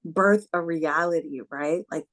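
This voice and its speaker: Lowish woman host, lively storyteller. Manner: storytelling, warm-hearted, quick asides, laughs while talking. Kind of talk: casual spiritual conversation.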